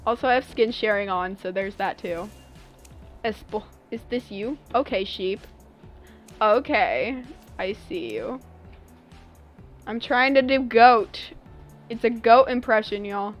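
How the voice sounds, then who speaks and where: A woman's voice: on the high side, slow, long pauses, faint music behind. A young woman streaming a game live, chatting playfully with her viewers while she plays. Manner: playful, chatty, talks to chat. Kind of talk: live gameplay commentary.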